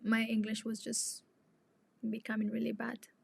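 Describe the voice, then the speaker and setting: A woman's voice: fairly high pitch, completely flat delivery, moderate pace, creaky, breathy edge. A young woman, a native Tigrinya speaker, hosting a live chat and talking to her viewers in an outspoken, indignant way. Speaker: live stream host.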